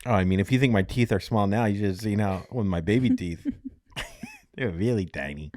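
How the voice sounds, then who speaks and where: A man's voice: on the low side, huge pitch swings, moderate pace, a little mellow, no echo. A young man co-hosting a casual comedy podcast, joking around, doing mock stutters and silly voices. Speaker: podcast co-host.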